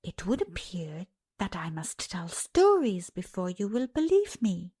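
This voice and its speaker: A woman voicing a young princess girl who speaks quietly and with dignity. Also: lowish voice, sing-song, unhurried, breathy edge, heavily acted. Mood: quietly firm.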